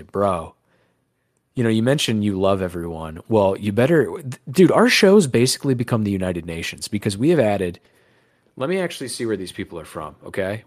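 A man's voice: lowish voice, no room sound, studio quality. A man hosting a podcast in casual chat, crude, rambling and joking. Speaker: podcast host.

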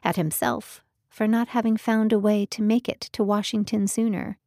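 A woman narrating a romance novel in a calm, measured audiobook reading. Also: mid-range voice, dry recording, studio quality. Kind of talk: scripted narration.

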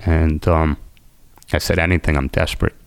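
A man with a very deep, gravelly voice earnestly and intensely recounts his own recovery, quoting what people said to him. His tone is level, his pace moderate, and there's no room sound.

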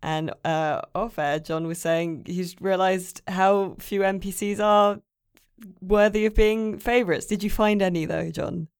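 A woman's voice: mid-range voice, steady tone, clear, resonant tone, no echo, clean studio sound. A woman hosting a casual podcast, playful and teasing as she steers the conversation. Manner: playful, teasing, quick to laugh along. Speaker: podcast host.

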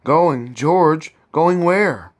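A man's voice: mid-range voice, unhurried, close to an everyday voice. A man reading aloud and voicing an anxious, devoted young wife and mother who pleads with her husband, his voice raised and strained. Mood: pleading.

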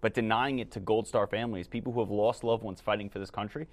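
A man's voice: lowish voice, steady tone, quick pace. A young man from New York, a guest on a political chat, speaking emphatically and indignantly.

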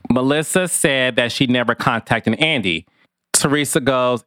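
Man, casual reality tv commentary, smooth resonant voice, dry close sound, sassy asides. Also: medium pitch, normal speed, no echo. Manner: chatty and expressive, with sassy asides. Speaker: commentator, former field producer.

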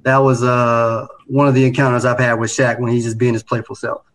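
A man in his late thirties, co-hosting a podcast, telling a story in a relaxed, casual chat that grows animated. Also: mid-range voice, fairly quick, a little hiss or hum, rough recording. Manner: laid-back, animated when telling a story. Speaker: podcast co-host.

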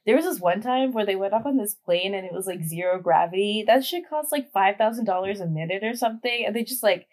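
A woman's voice: mid-range voice, fast talker, few pauses. Laughing young woman telling stories. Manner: laughing, animated storytelling. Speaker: podcast guest. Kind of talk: casual chat.

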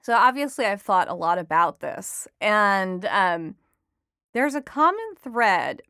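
A woman's voice: medium pitch, big pitch swings, slow, bright, forceful tone, clean tone, no room sound, clean studio sound. A woman reporter and author answering interview questions in a chatty way, laughing often, with many fillers.

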